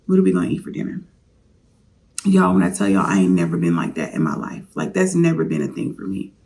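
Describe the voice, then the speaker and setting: A woman's voice: sits low, gravelly, darkish tone. A woman vlogger candidly telling a personal story, confiding straight to her viewers.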